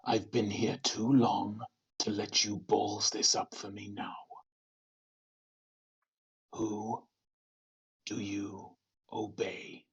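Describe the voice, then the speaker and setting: A man voicing a menacing, slow-spoken stranger in a hushed, husky voice, over dull lo-fi sound. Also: on the low side, flat delivery, full character voice.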